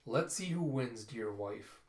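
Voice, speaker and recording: A man voicing a calm, scheming noblewoman with a cool, sly manner, in an echoey room. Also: mid-range voice, slow pace.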